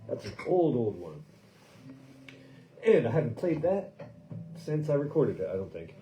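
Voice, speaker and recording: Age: adult. Sex: man. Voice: mellow, mid-pitched. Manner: jokey rambling chat. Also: very animated, unhurried, soft background music, low-quality recording. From lives in Paris. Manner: jokey, self-mocking, loose with fillers. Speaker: podcast host and musician. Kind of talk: casual rambling monologue. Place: indoor workshop studio.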